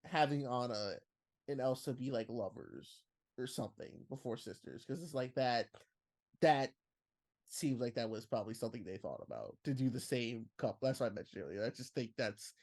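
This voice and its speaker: A man's voice: medium pitch, expressive, moderate pace, darkish tone. A young man co-hosting a podcast, chatting casually through a movie watch-along and rambling through his theories with lots of filler words. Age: young adult. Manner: rambling, heavy use of "like", theorizing. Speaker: podcast co-host.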